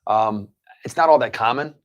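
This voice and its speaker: A man's voice: mid-range voice, normal speed, highs cut off. A man hosting a casual live stream, telling long rambling anecdotes between chat with his co-host. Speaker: livestream show host.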